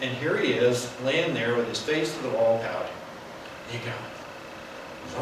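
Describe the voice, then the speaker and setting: A man teaching a Bible class in an animated, wry, conversational way. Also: fairly high pitch, measured pace. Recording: echoey room from far off, noisy.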